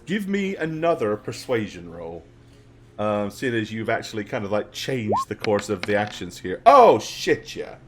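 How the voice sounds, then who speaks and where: Lively game master narrating with giggles. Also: medium pitch, unhurried, a little hiss or hum. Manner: giggly, lively, many fillers.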